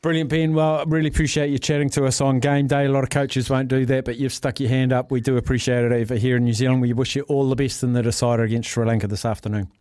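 A male radio host who chats in an easy, conversational way between interviews and listener texts. His voice sits in a mid pitch. The studio sound is dry and close. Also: little pitch movement, fast talker, hardly any pauses, darkish tone, dry recording. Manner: chatty and conversational. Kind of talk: radio talk show.

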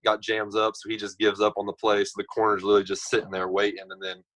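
A young man in his twenties, a podcast guest telling stories in a casual, animated way. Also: lowish voice, fast talker, poor audio. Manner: animated storyteller, acts out others' lines. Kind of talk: casual storytelling.

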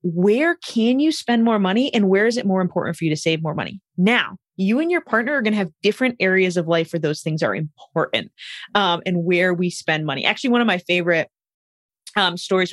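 Lively woman coaching, dry close sound. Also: fairly low pitch, a little fast, no echo. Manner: energetic storyteller, acts out quoted voices. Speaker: guest, money coach. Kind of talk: podcast interview.

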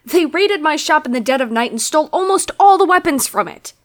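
A woman's voice: high voice, animated, brisk. A woman voicing a proud blacksmith turned bandit who lectures indignantly.

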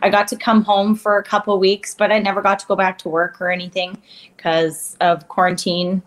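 A woman's voice: medium pitch, little pitch movement, normal speed. A woman in her thirties, a curler, talking openly in a casual interview and laughing often. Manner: candid, emotional, laughs often.

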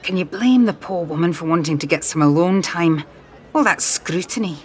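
A woman narrator voicing a charming young man with a British accent, speaking quietly and low-key. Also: expressive, normal speed, slight background noise, close to an everyday voice.

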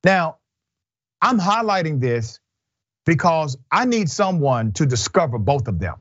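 A man hosting a news commentary show, talking in an animated, emphatic and wry way. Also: fairly high pitch, unhurried, dry recording, lo-fi sound. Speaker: show host. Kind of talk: casual commentary.

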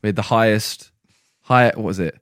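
A man's voice: on the low side, moderate pace, dry recording. A young English man chatting on a podcast, telling school stories in a dry, wry way. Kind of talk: casual podcast chat.

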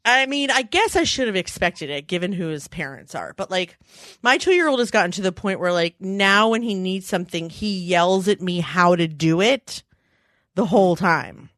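A woman in her forties co-hosting a casual chat show, acting out quoted lines with big animated voices. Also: lowish voice, normal speed, no room sound, clean studio sound. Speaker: podcast co-host.

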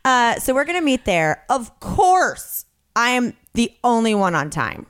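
A woman's voice: fairly high pitch, sing-song, a little slow, fairly bright tone, clean tone. A woman telling a funny story in casual podcast chat, acting out the voices of the people in it and swearing freely.

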